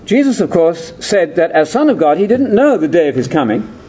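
A man's voice: sits high, very animated, a little fast, warm tone. An older man giving a theological lecture, digressive and full of rhetorical questions.

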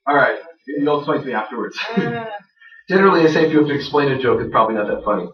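A man's voice: mid-range voice, lively intonation, fast talker, crowd noise. Man lecturing in an echoey room. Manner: conversational, self-deprecating, many fillers and restarts. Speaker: lecturer on biblical grammar. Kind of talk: classroom lecture with jokes. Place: room with a live audience. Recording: roomy, distant, dull lo-fi sound.

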